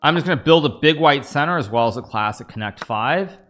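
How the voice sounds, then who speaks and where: Faint music plays behind a man whose medium-pitched voice is animated, fairly bright and a little fast. He's a thirty-something from the United States streaming chess live, talking to chat throughout in a rambling, chatty way.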